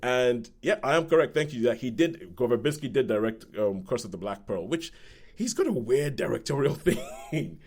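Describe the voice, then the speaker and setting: A man's voice: medium pitch, lively intonation, moderate pace, a little mellow. A man, co-hosting a podcast, chatting casually about a film, rambling and restarting often and acting out quotes. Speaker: podcast co-host. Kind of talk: casual film review chat.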